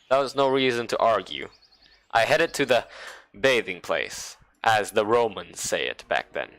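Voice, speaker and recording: A man's voice: fairly low pitch, expressive, measured pace, a bit bright. A man reading a visual novel aloud as a let's play host, dropping wry, sarcastic asides. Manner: wry, sarcastic, playful commentary.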